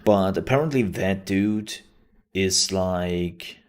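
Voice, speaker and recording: A man's voice: sits low, takes it slowly, smooth. A man streaming live, chatting casually and joking often.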